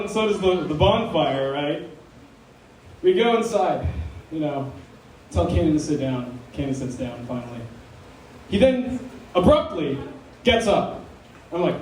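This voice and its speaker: A young man doing stand-up comedy as a club president, telling a story in an animated way and laughing through his own lines. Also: sits high. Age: young adult. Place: campus comedy venue. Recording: echoey room recorded from far away, crowd laughter. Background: audience laughing.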